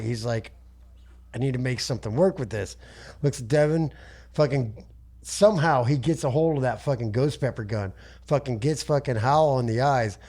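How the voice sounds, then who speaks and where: A man's voice: medium pitch, a little mellow. A man co-hosting a podcast, telling a rambling story packed with swearing. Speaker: podcast co-host. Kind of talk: casual profane storytelling.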